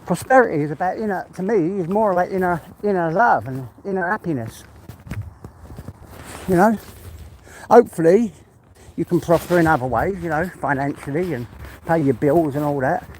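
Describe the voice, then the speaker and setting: Brief: English man, walk-and-talk vlogger, out of breath, chatty and heartfelt, slightly higher voice, faint outdoor hiss. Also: moderate pace, long pauses, a little mellow, poor audio. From England. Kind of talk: casual walk-and-talk monologue.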